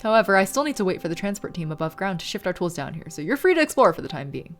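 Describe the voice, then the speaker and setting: A woman's voice: lowish voice, big pitch swings, racing, soft background music. A woman streaming a game, reading the characters' lines aloud in a formal tone and breaking off to chat and laugh.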